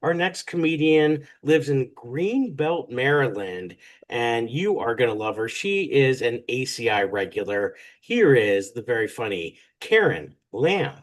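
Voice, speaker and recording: A man's voice: medium pitch, sing-song, a little slow, hardly any pauses. A man hosting a comedy show and introducing comedians, with jokey, upbeat patter.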